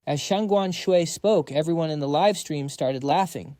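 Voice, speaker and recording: A man's voice: a little high, moderate pace, dark tone, no room sound, clean studio sound. A man narrating a comic recap in a casual, slangy storytelling voice, reading every part himself.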